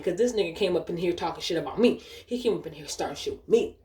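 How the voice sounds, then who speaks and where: A woman's voice: on the low side, animated, racing, mellow. A woman casually retelling a story for her vlog, swearing a lot and repeating herself as she gets fired up. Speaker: storytelling vlogger. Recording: echoey room.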